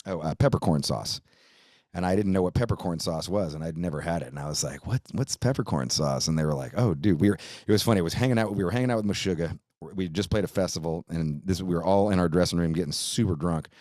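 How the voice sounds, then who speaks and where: A man's voice: sits low, fast, darkish tone, no echo. A middle-aged man tells a rambling, profane story as host of his own podcast. He leans on "dude" and "like" and swears casually. The sound is dry and close, with no room around it.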